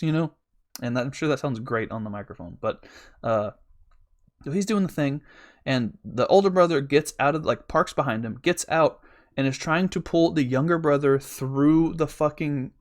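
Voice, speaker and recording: A young man hosting a podcast, telling a long rambling story in casual chat, swearing a lot and laughing as he goes. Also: medium pitch. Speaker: podcast host.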